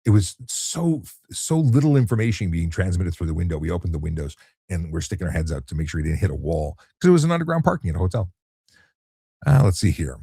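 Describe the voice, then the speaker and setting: Low husky-voiced cop hosting late night. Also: male voice, lively intonation, quick pace, dark tone, no echo, studio quality. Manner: easygoing, often repeats words when restarting. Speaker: traffic cop and livestream host. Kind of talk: relaxed late-night live chat answering viewer questions.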